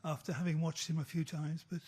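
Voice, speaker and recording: A man from Britain, a journalist asking a hesitant, halting question at a press conference. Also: fairly high pitch, level tone, darkish tone, slightly rough. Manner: hesitant, full of uhs and restarts.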